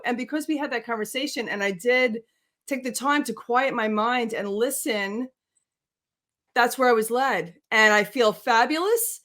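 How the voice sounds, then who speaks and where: A woman's voice: fairly high pitch, moderate pace, fairly bright tone. A woman hosting an interview, speaking expressively and emphatically, often laughing as she talks. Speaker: host. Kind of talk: casual interview talk.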